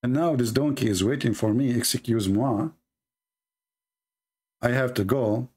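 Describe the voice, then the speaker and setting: A man hosting a religious debate, reading a text aloud and mocking it sarcastically with sudden high-pitched jabs. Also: measured pace, a little mellow, slightly rough. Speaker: debate host.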